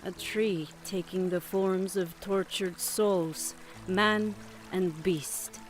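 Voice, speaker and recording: An actress voicing a solemn villager woman who speaks of dark lore in a grave, measured way, with faint game music behind. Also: fairly low pitch, steady tone.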